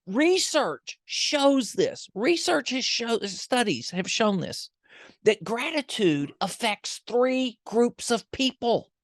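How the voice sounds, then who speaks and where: A man's voice: extremely high pitch, fairly bright tone, dry recording, clean studio sound. A man talking as a guest, explaining ideas with enthusiasm and pointing to research. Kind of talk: conversational explaining.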